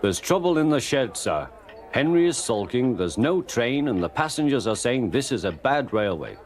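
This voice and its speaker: A man's voice: mid-range voice, big pitch swings, moderate pace, lightly acted. A man voicing a flustered male station master in a storybook reading. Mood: worried. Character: anxious male station master reporting trouble.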